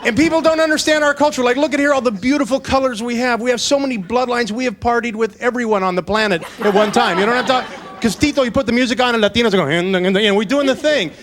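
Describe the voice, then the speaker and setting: A man performing a stand-up comedy routine, joking in a quick storytelling way and briefly putting on voices for the people in his stories. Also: very high voice, a bit bright, a little hiss or hum.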